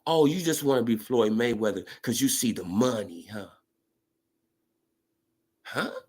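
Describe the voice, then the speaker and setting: Animated man ranting about boxing. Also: high-pitched, vocal fry. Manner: animated, profane, rising to excited rants. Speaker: boxing commentator vlogger. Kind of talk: casual monologue.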